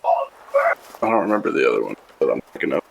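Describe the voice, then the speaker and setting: A man's voice: rumbling low, wildly swooping pitch, quick pace, gravelly. Man with offhand asides over a noisy line. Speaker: player. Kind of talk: casual group chat.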